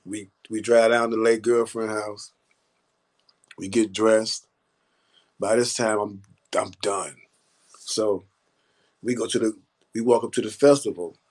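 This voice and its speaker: A man's voice: on the low side, fairly even intonation, measured pace, pauses often, a little mellow. Laid-back man telling a story. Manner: laid-back, profane, laughing. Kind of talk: casual storytelling.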